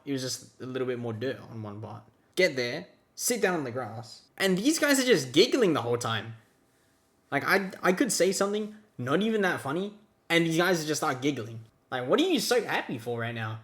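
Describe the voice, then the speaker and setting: A man's voice: medium pitch, animated, normal speed, a bit bright. A young man telling a story from his student days in a casual rant, exasperated and sarcastic. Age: young adult. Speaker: vlogger.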